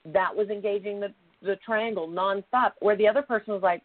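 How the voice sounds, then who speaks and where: Animated woman telling a story, tinny line. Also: mid-range voice, brisk, no echo. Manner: animated, acts out quoted voices. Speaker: co-host. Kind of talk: casual storytelling chat.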